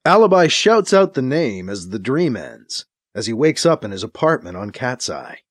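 A man narrating a science fiction audiobook in a dramatic, expressive reading. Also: lowish voice, normal speed, husky, no echo, studio quality. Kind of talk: audiobook narration, acting out scenes.

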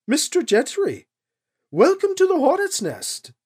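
A woman's voice: high-pitched, wildly swooping pitch, measured pace, a little mellow, voice pushed up, full character voice. A woman voicing a courteous, formal male officer who speaks politely and cheerfully.

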